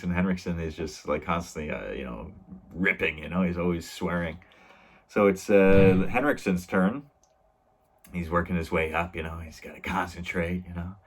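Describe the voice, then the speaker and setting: A man with a deep, low-pitched voice reviews an old TV episode off the cuff. He rambles and restarts, leans on "you know" after nearly every thought, and drops casual swears as he retells the scenes. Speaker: video reviewer.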